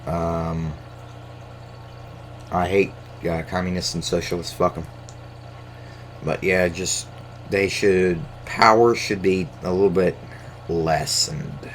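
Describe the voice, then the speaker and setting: Low-voiced guy, solo podcast host, hesitant and profane, light background hiss. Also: fairly even intonation, slow, pauses often. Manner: hesitant, lots of fillers, profane. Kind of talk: casual rambling monologue. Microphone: camera mic.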